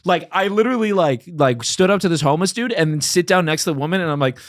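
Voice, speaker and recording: A man's voice: high-pitched, lively intonation, fast talker, dry recording, clean studio sound. A man from Los Angeles, a comedian guest, telling stories in a loose, rambling way, full of "like" and "dude". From Los Angeles, USA. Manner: rambling, slangy, lots of "like" and "dude". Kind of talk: casual storytelling chat.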